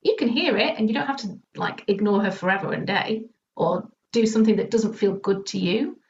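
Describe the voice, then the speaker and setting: A woman EFT practitioner and confidence coach, a guest in an interview, explaining her work through lively stories and casual swearing. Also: mid-range voice, fairly quick. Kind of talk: conversational interview answers. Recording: distant, muffled with faint background noise.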